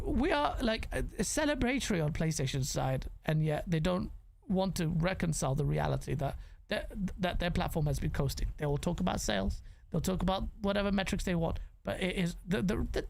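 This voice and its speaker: A woman's voice: lowish voice, creaky. A woman hosting a gaming podcast, ranting and swearing with heavy sarcasm. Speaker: podcast host. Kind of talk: heated gaming podcast chat.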